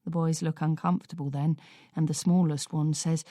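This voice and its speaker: A woman reading a first-person thriller audiobook in a measured, dry storytelling manner. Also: deep voice, level tone, mellow, dry recording. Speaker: audiobook narrator.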